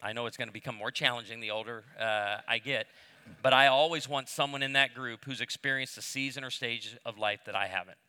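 A man's voice: mid-range voice, a little fast, sharp tone, clean tone, long reverb tail. A middle-aged man preaching on marriage to a live audience, telling stories with humor and self-deprecating asides. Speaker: pastor speaking on marriage. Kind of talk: sermon-style talk to a live audience.

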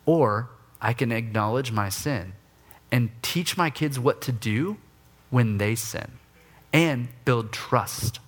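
A man preaching, telling a personal story with lively acted-out outbursts and quiet, soft confession. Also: slow pace. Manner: animated storytelling, acts out his own griping in raised voice; drops low and soft for confession. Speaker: pastor.

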